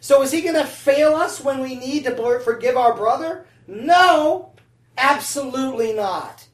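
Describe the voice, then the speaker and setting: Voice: high voice, animated, a little slow. A preacher giving a sermon in a chatty, conversational way, often checking in with the congregation with "right?" and "amen?". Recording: roomy sound from a distant mic.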